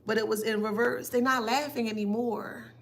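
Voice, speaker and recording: A woman's voice: fairly high pitch, fairly even intonation, moderate pace, a bit bright. A woman giving a spiritual reading, taunting and emphatic, asking pointed rhetorical questions. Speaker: tarot reader.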